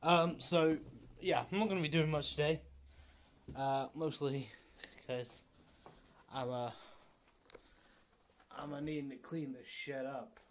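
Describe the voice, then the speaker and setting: Scottish guy, diary vlog, slightly high voice, loose and sweary, fillers everywhere. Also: steady tone, slow pace, a little hiss or hum. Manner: rambling, sweary, lots of fillers; self-mocking with chuckles. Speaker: vlogger.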